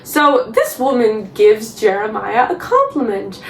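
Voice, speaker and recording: A woman recapping a TV episode in a casual, chatty vlog, animated and exasperated, slipping into mocking put-on voices. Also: on the high side, a little slow. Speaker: TV recap vlogger. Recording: echoey room with faint noise.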